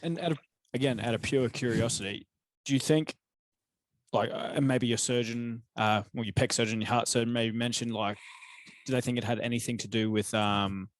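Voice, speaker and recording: A man hosting an interview, excitable and blunt, swearing freely as he asks questions. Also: medium pitch, moderate pace, dry recording. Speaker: interviewer, host. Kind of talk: casual interview chat.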